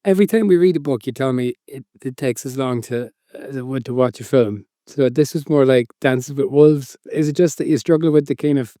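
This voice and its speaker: A man's voice: mid-range voice, fairly quick, hardly any pauses, dark tone, no echo, clean studio sound. A male podcast co-host in casual banter, sheepish and self-deprecating about his own mistakes.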